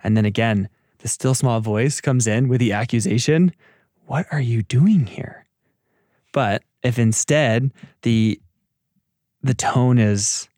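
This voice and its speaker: Low-voiced man reflecting aloud on faith. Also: a little mellow, no echo, clean studio sound. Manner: reflective, thinking aloud, searching for words. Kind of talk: casual faith discussion.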